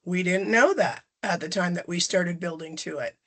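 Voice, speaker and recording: A woman's voice: on the low side, normal speed, fairly bright tone. A middle-aged woman giving a webinar presentation over a video call, a little nasal and congested from a cold, casual, with frequent ums and self-corrections. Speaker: presenter, company general manager.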